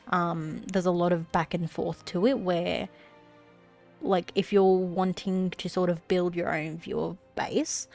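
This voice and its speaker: A woman's voice: fairly low pitch, vocal fry, a little mellow. A congested woman chatting casually on her live stream, rambling and swearing now and then. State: slightly out of breath.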